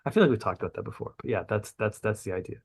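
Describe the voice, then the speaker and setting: A comic book writer, interviewed as a podcast guest, talks in a lowish, creaky, husky voice at a racing speed. He rambles, mocks himself, swears casually, and restarts his sentences often.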